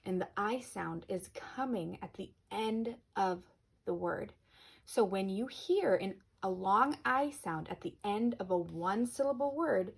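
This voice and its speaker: A woman teacher with a medium-pitched voice records a spelling lesson for children. She's patient and clear, slowing down on the example words.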